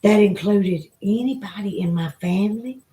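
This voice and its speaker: A woman's voice: mid-range voice, moderate pace, mellow, low-quality recording. A woman with a Southern US accent chatting with viewers on a live stream, emotional and rambling. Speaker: vlogger. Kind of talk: casual live-stream chat.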